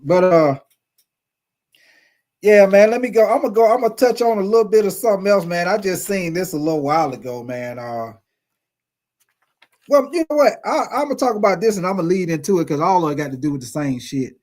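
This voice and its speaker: A man in his forties hosting a sports video, telling stories in a profane, animated, casual rant. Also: high-pitched, brisk. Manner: profane, animated storytelling with lots of swearing.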